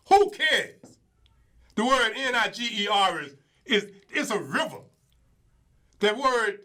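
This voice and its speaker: Guy hosting his own commentary show, really bright voice, gets emphatic and repeats himself a lot. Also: sits high. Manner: emphatic and colloquial, repeats words for stress. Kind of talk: opinionated casual commentary.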